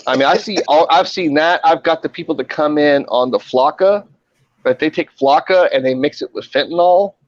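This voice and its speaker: In a casual group chat, a man who works in a hospital ER spins animated stories, swearing liberally and imitating the people in them. His slightly high voice moves at a moderate pace, and the recording is muffled without echo.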